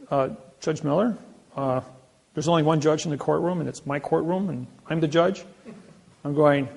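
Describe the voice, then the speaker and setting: A man's voice: fairly high pitch, steady tone, moderate pace, creaky, a little mellow. A man telling boastful anecdotes in a rambling, casual way, often restarting his sentences. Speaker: self-described sovereign legal advocate.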